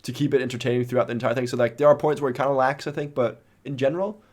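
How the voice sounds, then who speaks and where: A man co-hosting a casual podcast, animated and playful, often restarting his sentences. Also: mid-range voice, rapid-fire. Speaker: podcast co-host. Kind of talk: casual chat.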